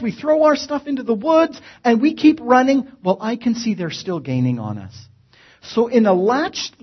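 A man telling a funny personal story in an animated, wry way, acting out the action. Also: sits high, husky, lo-fi sound. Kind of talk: live comic storytelling.

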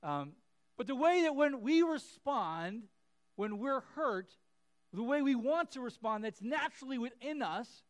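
Pastor guy, 30s, giving a chatty sermon, lots of ums and restarts, high clear voice. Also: expressive, a little slow. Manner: conversational, many fillers and restarts; acts out his kids' and his own voices in quotes.

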